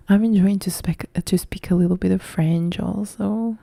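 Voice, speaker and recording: A young woman from Italy with an Italian accent, softly whispering as she chats and answers viewer comments in a whispered role-play live stream. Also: mid-range voice, steady tone, a little slow, vocal fry, no room sound. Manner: soft whispered chat reading viewer comments.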